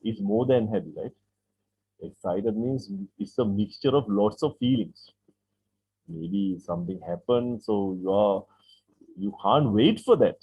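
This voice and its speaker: A man's voice: lowish voice, breathy edge. A man teaching an English class online, repeating phrases, asking "right?" to check understanding and acting out example sentences. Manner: acts out example sentences with lively, drawn-out delivery. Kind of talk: online English lesson explaining vocabulary. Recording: tinny call-like line from an online class.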